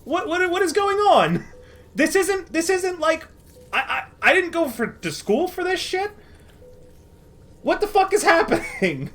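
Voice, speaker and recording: A woman voicing a flustered male gang boss who stammers in disbelief, with a lively, bouncing pitch. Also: unhurried, exaggerated voice. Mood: baffled. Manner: sputtering, stammering, incredulous.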